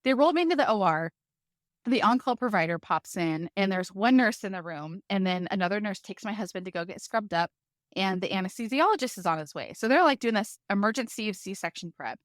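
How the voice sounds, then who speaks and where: A woman guest on a podcast telling a personal story in a lively way, full of "like" fillers. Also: medium pitch, fairly quick, no echo, clean studio sound. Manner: lively, vivid retelling with many fillers like "like".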